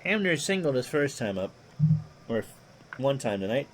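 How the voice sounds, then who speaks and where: Calling a replayed baseball game, this play-by-play announcer speaks at medium pitch and normal speed. He runs through stats steadily and trades jokes with chat between plays.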